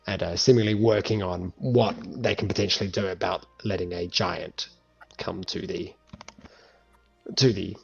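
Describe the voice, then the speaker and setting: Low-voiced game master on a lo-fi recording. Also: male voice, steady tone, moderate pace, creaky, breathy edge. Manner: loose, full of fillers. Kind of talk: narrating a tabletop game. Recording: muffled lo-fi with faint music.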